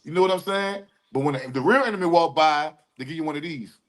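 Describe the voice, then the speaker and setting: A man's voice: on the high side, fairly bright tone. Slangy man hosting a livestream. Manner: loose street slang, drawn-out emphatic asides. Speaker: podcast co-host. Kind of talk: casual livestream chat.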